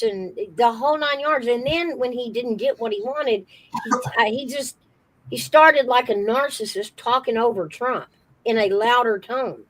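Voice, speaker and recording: Woman co-host, slightly high voice, opinionated, forceful casual chat. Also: moderate pace, rough recording. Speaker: podcast co-host.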